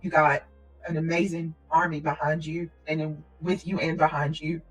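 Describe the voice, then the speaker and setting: A woman hosting a casual livestream and talking directly to her viewers. She speaks earnestly and prayerfully, and she keeps clearing her throat and coughing. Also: low voice, flat delivery, moderate pace, faint music behind, poor audio. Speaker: livestream host.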